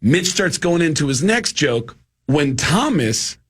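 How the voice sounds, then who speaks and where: A male comedian telling animated, laugh-filled stories in a podcast chat, with a husky voice. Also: fairly high pitch, slow pace. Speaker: comedian guest.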